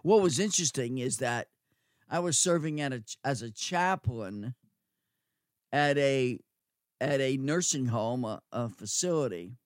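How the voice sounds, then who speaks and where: A middle-aged man preaching a sermon, slowly repeating phrases for emphasis and swinging between loud and quiet. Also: medium pitch, animated, dry recording, studio quality. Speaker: preacher, former nursing home chaplain.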